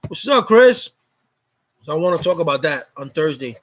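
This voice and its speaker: Male live streamer with a high voice, chatting casually and greeting viewers by name. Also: sing-song, moderate pace, a bit bright, slight background noise, low-quality recording. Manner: loose, greets viewers by name, repeats words.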